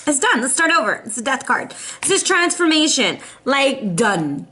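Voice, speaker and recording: A young adult woman giving a casual tarot reading in an animated, sassy, playful way, laughing often. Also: high voice, a little fast. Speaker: tarot reader.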